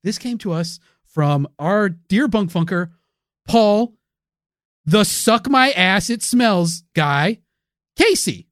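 A man's voice: sits high, animated, slow, a bit bright, no room sound, clean studio sound. A man hosting a podcast, laughing often and telling a story with enthusiasm. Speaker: podcast host. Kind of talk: casual comedic banter.

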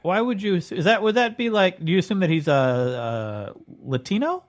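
Animated male podcast co-host, slightly high voice. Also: moderate pace. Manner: animated, quizzical. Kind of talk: casual comedic banter.

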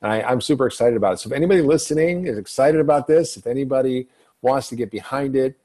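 A man's voice: medium pitch, quick pace, dark tone. A man hosting a podcast interview, talking earnestly and enthusiastically about food policy advocacy. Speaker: podcast host. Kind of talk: conversational interview.

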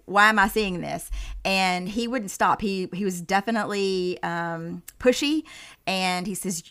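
A woman's voice: medium pitch, moderate pace. A woman, a medium, telling a vivid story as a podcast guest and acting out the voices in it. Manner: animated storyteller, acts out quoted dialogue.

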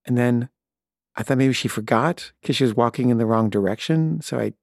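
A man's voice: medium pitch, brisk, creaky, a little mellow, dry recording. Guy in his 30s telling a story about his kid, loose and chatty, lots of "you know", dry close sound. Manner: chatty, with many fillers and restarts. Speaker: parent telling a personal story. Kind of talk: casual personal storytelling.

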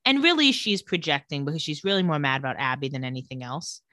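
A woman co-hosting a podcast, recapping a TV episode in casual chat and quoting the characters with animated voices. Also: deep voice, quick pace, no echo, studio quality.

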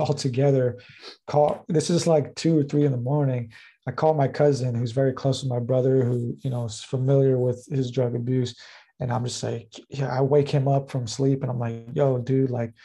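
A man's voice: medium pitch, gravelly, warm tone, breathy edge. A man, a guest on a talk show, casually telling a long personal story, rambling with lots of "like" and "uh" fillers. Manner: rambling, heavy use of fillers like "like" and "uh". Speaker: podcast guest.

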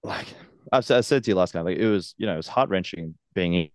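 A man with a very low voice talks earnestly about his wrestling career. He laughs often as he talks. The recording is dry and close. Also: quick pace, no room sound. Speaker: professional wrestler, guest. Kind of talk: casual interview.

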